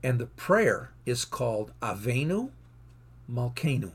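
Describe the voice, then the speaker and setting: A man's voice: a little high, lively intonation, a little slow, breathy edge. A man teaching from the Bible in an earnest sermon, reading verses aloud with rising emphasis.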